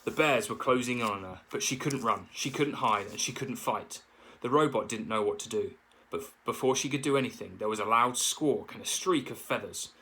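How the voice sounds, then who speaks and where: Man reading a novel aloud, husky tone. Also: mid-range voice, brisk, sharp tone, rough recording. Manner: explains words aside.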